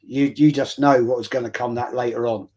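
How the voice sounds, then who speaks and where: A man's voice: medium pitch, fairly even intonation, a little fast, a little mellow, muffled recording. Rambling man telling matey stories. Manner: rambling storyteller, says mate, restarts. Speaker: livestream co-host. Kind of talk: casual football chat.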